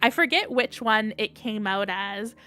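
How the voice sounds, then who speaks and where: A woman's voice: medium pitch, animated, measured pace, bright, forceful tone. A young woman hosting a casual livestream, chatting and answering viewers' comments as she goes. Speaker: livestream host.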